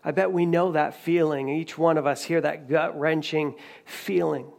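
A man delivers a sermon in an easy, conversational way, often restarting his sentences as he retells a story. His voice sits fairly high for a man and carries a gravelly rasp. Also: steady tone, normal speed, darkish tone. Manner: conversational preaching with many restarts and retold dialogue. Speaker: pastor.

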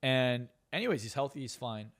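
A man's voice: mid-range voice, expressive, normal speed. A man who is a hypnotist and coach, guest on a podcast interview, talking bluntly and profanely with lots of emphasis.

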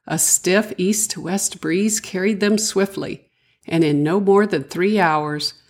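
Gentle breathy grandmother storyteller. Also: fairly low pitch, slow pace. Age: older. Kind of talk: children's story narration.

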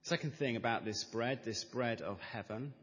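A middle-aged man preaching a sermon as pastor, measured and emphatic, building with repeated phrases. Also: medium pitch, a bit bright. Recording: reverberant church hall.

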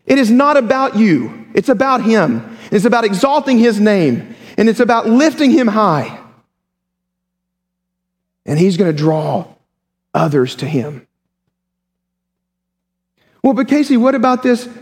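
A male pastor preaching a sermon in a lively, conversational way, with humorous asides. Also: high-pitched, unhurried, long pauses. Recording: long hall reverb.

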